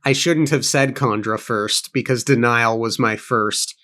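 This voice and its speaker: A man's voice: medium pitch, measured pace, bright, forceful tone. A man co-hosting a book-club podcast, reading aloud and musing in a thoughtful, self-correcting way. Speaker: podcast co-host.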